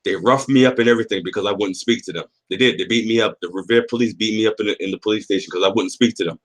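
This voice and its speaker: A man's voice: lowish voice, very fast. A man from the area, hosting a casual livestream chat, rambling, cursing and reading out chat comments. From Boston area. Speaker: livestream host.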